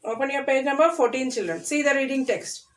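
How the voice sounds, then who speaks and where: A woman teacher, giving a recorded class lesson and repeating words slowly for children to say after her. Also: high voice, echoey room, a little hiss or hum, rough recording.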